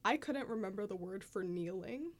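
A young woman, an English teacher, chatting casually on a podcast, laughing and swearing as she tells animated stories. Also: mid-range voice, normal speed. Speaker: guest, English teacher in Japan.

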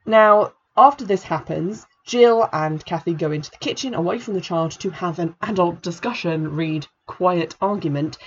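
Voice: medium pitch, dull audio, a little hiss or hum. A book reviewer, talking through a novel in a chatty, exasperated way with frequent fillers. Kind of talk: casual spoken book review.

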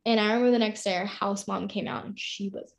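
Speaking quickly with a steady tone, this twenty-something woman has a mid-range voice with vocal fry. As a podcast guest she tells a story casually and chattily, filling it with "like."

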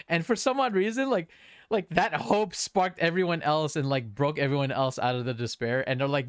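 A young man co-hosting a podcast, telling stories in a rambling, animated way with lots of restarts. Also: a little high, brisk, no echo, clean studio sound. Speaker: podcast co-host. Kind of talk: casual chat.

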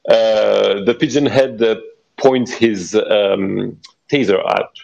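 Halting man running a role-play game. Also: on the low side, vocal fry, darkish tone, dull audio. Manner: halting, many restarts and fillers. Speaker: game master and player. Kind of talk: improvised tabletop role-play over a call. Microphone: voice call.

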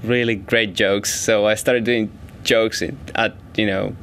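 Low-voiced man telling a stumbling story. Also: steady tone, unhurried, a bit bright, slight background noise. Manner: stumbling, repeats words. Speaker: interviewee. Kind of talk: interview anecdote.

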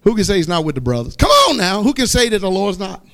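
A pastor preaching a fiery sermon, stretching out scripture in slow shouts and questioning his congregation. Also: high-pitched, big pitch swings.

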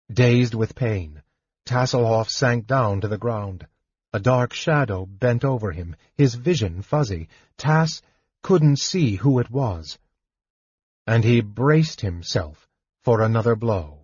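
A man narrating a fantasy audiobook in a measured, expressive storytelling manner. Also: mid-range voice, slightly rough, no room sound. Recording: dull lo-fi dry recording.

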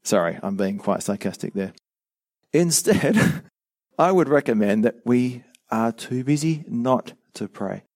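A middle-aged man preaching a sermon as a pastor, earnest and measured, with a touch of dry sarcasm. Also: medium pitch, expressive, a little mellow, dry recording.

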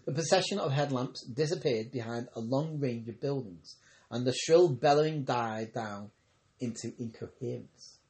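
A man with a mid-pitched, ordinary voice reads a novel aloud. He narrates steadily, but he trips over the odd word and goes back to fix it. It sounds like an amateur audiobook reading. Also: moderate pace, darkish tone. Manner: reads with occasional stumbles and self-corrections. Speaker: audiobook reader. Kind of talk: scripted narration.

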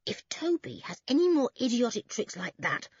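A woman's voice: on the high side, sing-song, moderate pace, a little mellow, husky, no echo, lo-fi sound, voice pushed up. A woman voicing a proud, hot-tempered tomboy girl who speaks indignantly and sharply.

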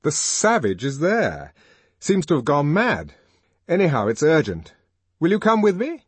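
A man doing a brisk, bold friend. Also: fairly high pitch, huge pitch swings, slightly rough, dry recording, voice pushed up, full character voice. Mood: urgent. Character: brisk, confident male friend, bold and resolute.

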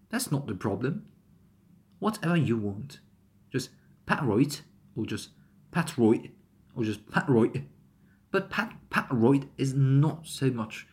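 A man's voice: on the low side, husky. A man with as his teaching English pronunciation. He speaks with grammar slips and repeats each example word several times. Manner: slow, repeats example words many times. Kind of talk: pronunciation lesson.

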